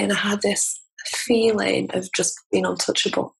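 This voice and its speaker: On a podcast, a transformation coach from England opens up about her own life, heartfelt and frank, with laughter between lines. She speaks in a mid-range, flat voice at a moderate pace, with vocal fry and a breathy edge, and the audio quality is poor.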